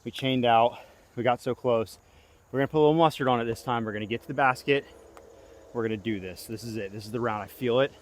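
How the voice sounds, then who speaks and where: A man's voice: mid-range voice, fast talker. Young guy talking to himself out on the course, hyped then groaning, pleading with every throw, bugs chirping behind. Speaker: disc golf vlogger. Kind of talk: self-filmed play-by-play commentary. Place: outdoor disc golf course.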